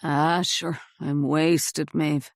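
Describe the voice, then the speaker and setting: A woman's voice: level tone, extremely slow, creaky, no echo, clean studio sound, full character voice. Woman voicing a weary, mumbling uncle. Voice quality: low, weak, mumbling. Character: weary sheepish hungover middle-aged Irish uncle.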